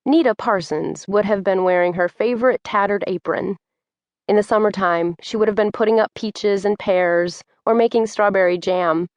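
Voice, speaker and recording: Brief: woman audiobook narrator, mid pitch, steady descriptive storytelling, dry. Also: normal speed, no room sound. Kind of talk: scripted narration.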